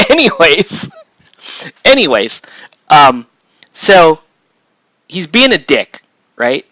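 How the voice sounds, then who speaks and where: A man's voice: a little high, sing-song, slow pace, pauses often, sharp tone, no room sound. A man casually telling a long personal story while painting, rambling with many restarts and tag questions. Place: home hobby room.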